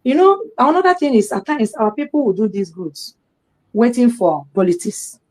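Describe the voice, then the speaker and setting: Animated Nigerian woman telling a story. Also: on the high side, normal speed, poor audio. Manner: animated storytelling, acting out dialogue. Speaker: storyteller sharing a personal account. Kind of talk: impassioned personal testimony.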